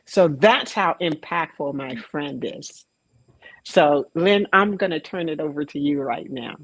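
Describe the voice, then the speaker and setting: A woman's voice: sits low, expressive, a little slow, dry recording, low-quality recording. A woman who coaches track, hosting a panel and telling a story to introduce a guest. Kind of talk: event introduction speech.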